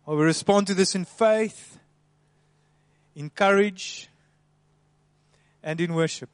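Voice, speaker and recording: High-voiced preacher, dry close sound. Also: male voice, slow, clear, resonant tone, no room sound. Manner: preaching with swings between soft hushed and loud emphatic delivery. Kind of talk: sermon.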